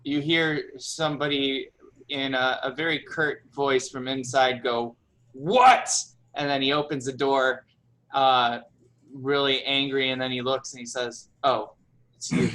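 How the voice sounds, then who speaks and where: Bright-voiced male game master. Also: medium pitch, measured pace, rough recording. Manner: relaxed, conversational, slips into character voices. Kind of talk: narrating a tabletop game.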